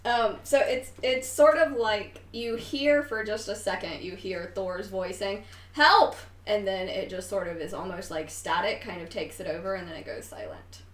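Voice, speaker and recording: A woman's voice: mid-range voice, fairly even intonation, normal speed, few pauses. Giggly woman game master, echoey and distant. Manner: giggly, hesitant with fillers. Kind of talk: narrating a tabletop game. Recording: echoey room, mic at a distance.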